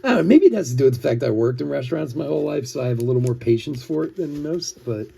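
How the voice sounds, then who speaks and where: A racing, husky, creaky voice of medium pitch, dark in tone and lively in intonation, belongs to a middle-aged card-break livestream host. As he opens cards he tells chatty stories, laughs often, and reads out names between his asides.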